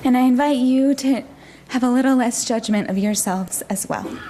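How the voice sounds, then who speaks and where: A woman minister preaching a gentle, reflective sermon in a church. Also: on the high side, normal speed, slight background noise.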